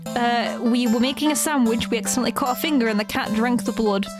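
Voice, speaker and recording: A woman's voice: fairly high pitch, quick pace, music in the background. A woman streaming a game, reading its narration aloud with laughs and stammered asides. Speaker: gaming streamer.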